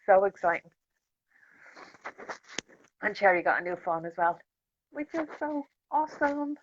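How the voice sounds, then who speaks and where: A woman's voice: mid-range voice, expressive, normal speed. An encouraging woman co-hosting a live online masterclass over a video call. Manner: encouraging, cheerful. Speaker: co-host coach. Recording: dull video call audio with faint noise.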